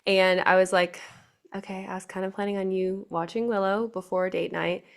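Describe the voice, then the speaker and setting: A young woman hosting a motivational podcast as a pageant coach, chatty and energetic, often asking her listeners questions. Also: medium pitch, brisk, vocal fry, clear, resonant tone. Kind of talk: motivational solo podcast talk.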